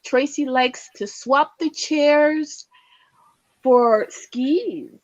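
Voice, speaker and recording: A woman co-hosting a casual talk show, reading out a news story in a lively way and filling the talk with agreeing interjections. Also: high voice, drawn-out words, muffled recording.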